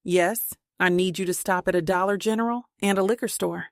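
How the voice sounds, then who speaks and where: A woman's voice: mid-range voice, steady tone, fairly quick, dry recording, studio quality, close to an everyday voice. A woman reading a weary male detective. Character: troubled male detective, brooding.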